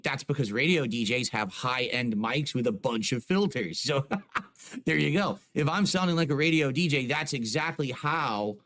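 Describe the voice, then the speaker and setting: Close to a boom-arm desk mic, a man chats casually with his live chat from home, peppering his explanations with "like" and "you know." His voice is mid-range and fairly bright.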